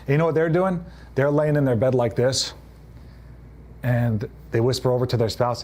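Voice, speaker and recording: A man's voice: medium pitch, fairly even intonation, normal speed, long pauses, darkish tone. A man coaching real estate agents in a live talk, punchy and direct, acting out what clients say. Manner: punchy, acts out quoted clients in changed voices. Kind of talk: live motivational business talk.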